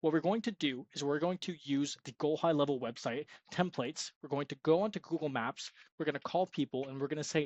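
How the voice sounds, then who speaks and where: A man's voice: fairly high pitch, fairly quick, hardly any pauses, darkish tone, no room sound, lo-fi sound. A young man giving an upbeat, salesy screen-share tutorial on freelance web design, sometimes acting out sample sales calls. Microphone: screen-recording mic.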